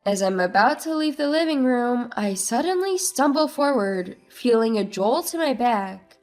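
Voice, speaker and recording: A woman's voice: on the high side, expressive, measured pace, darkish tone. A woman narrating a first-person story in a subdued, plaintive manner over faint music.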